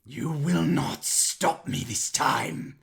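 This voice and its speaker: A man's voice: a little high, slow pace, gravelly, a bit bright, voice pushed up, exaggerated voice. A man voicing a sinister fanged male fey villain who threatens in a hissing half-whispered snarl. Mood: furious. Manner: threatening, contemptuous.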